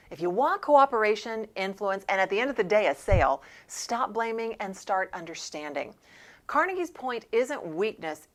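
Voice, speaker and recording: A woman's voice: mid-range voice, a bit bright. Punchy woman sales coach. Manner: emphatic, punchy coaching delivery. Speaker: sales trainer and show host. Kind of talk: scripted sales training talk.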